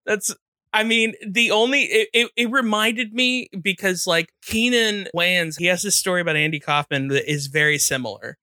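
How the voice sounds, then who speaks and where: Male podcast host, slightly high, bright and forceful, casual reactive chat. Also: no echo, studio quality. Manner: quick reactive listener who laughs readily.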